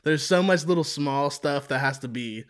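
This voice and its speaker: A young man, a rapper, talking casually in an interview about writing songs, with relaxed speech full of "you know what I mean". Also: fairly high pitch, moderate pace. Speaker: rapper guest.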